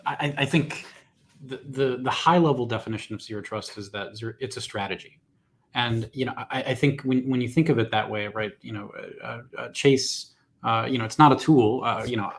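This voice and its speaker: A man from Texas speaking as an expert panel guest over a video call, halting with frequent restarts. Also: mid-range voice. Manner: halting, many restarts and fillers. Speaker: panel guest, university security chief. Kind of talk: casual panel discussion.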